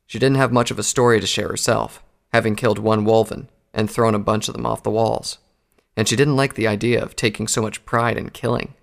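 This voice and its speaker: A man narrating a story in an audiobook, with a steady storytelling delivery. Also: fairly low pitch, brisk, vocal fry.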